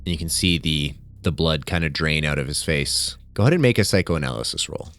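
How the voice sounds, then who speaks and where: Brief: deep-voiced male game master, casual and descriptive. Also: a little fast, no room sound. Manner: relaxed, filler-heavy narration with asides. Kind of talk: narrating a tabletop horror game.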